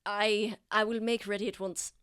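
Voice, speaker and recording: A woman's voice: mid-range voice, little pitch movement, moderate pace, a bit bright, clear, resonant tone, dry recording, clean studio sound, close to an everyday voice. A woman voicing a dutiful male army major who answers his superior in formal, deferential speech. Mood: guarded.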